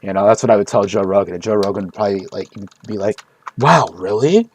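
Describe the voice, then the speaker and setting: A man's voice: lowish voice, flat delivery, very fast, dark tone, a little hiss or hum. A man streaming and chatting casually, rambling and joking, repeating himself, swearing and breaking into laughs. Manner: profane.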